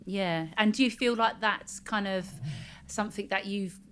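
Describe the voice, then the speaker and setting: A woman's voice: mid-range voice, a bit bright, a little hiss or hum. Friendly woman interview host. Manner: encouraging, quick to laugh along. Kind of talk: casual interview chat.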